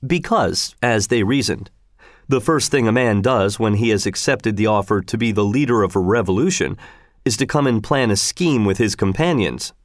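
A man's voice: on the low side, moderate pace, dry recording. Man reading a storybook with wry humor. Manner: dry, wry humorous narration. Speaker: narrator.

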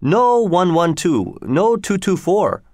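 A man voicing an earnest alien creature who speaks in halting, repetitive broken words. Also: sits high, sing-song, darkish tone, no echo, studio quality, pitched above the performer's own voice, full character voice. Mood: insistent.

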